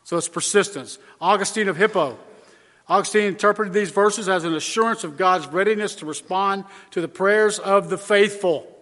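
A man preaching a sermon as pastor, earnest and measured, stressing key words by repeating them. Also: high-pitched, a bit bright. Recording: long hall reverb.

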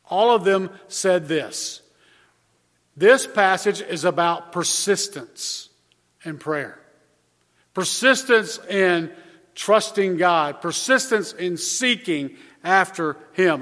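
A man preaching a sermon as pastor, earnest and measured, stressing key words by repeating them. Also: on the high side, fairly bright tone. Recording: long hall reverb.

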